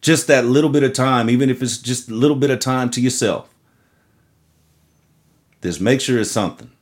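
A man's voice: medium pitch, moderate pace. A man co-hosting a podcast in casual, profane chat, often laughing as he talks. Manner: profane, laughing, loose storytelling. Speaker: podcast co-host.

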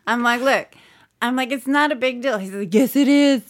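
Animated middle-aged woman telling a story. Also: fairly high pitch, moderate pace. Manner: animated storyteller acting out quotes, swears often. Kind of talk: casual podcast chat.

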